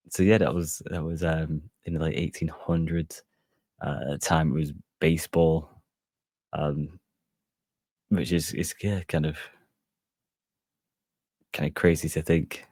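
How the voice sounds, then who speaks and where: Man, podcast host, very deep voice, flat delivery, husky tone, dry close sound, rambling with fillers. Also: dry recording. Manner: rambling, hedging with many fillers. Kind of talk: casual solo podcast chat.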